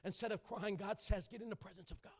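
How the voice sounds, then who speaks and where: A man preaching a sermon in a church, calling out to the congregation and rising into loud shouting. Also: high-pitched, fast. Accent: Southern California. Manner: call-and-response preaching, building to loud shouting. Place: church sanctuary.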